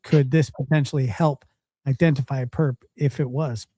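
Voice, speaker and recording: A man's voice: medium pitch, steady tone, normal speed, mellow, dry recording, studio quality. A man hosting a live talk stream, thanking callers and chatting in a friendly, conversational way. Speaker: host.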